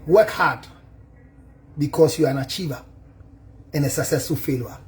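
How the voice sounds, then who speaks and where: An emphatic male counselor with a notably high voice delivers a speech of thanks and advice. He switches between languages as he talks and laughs readily at his own jokes. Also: normal speed, pauses often, darkish tone.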